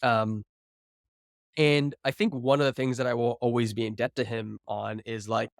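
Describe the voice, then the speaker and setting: On a podcast, a thirtysomething founder spins casual stories, chatty and filler-heavy with lots of "like" and restarts. His mid-range voice is steady and creaky at a moderate pace, recorded cleanly in a studio without echo.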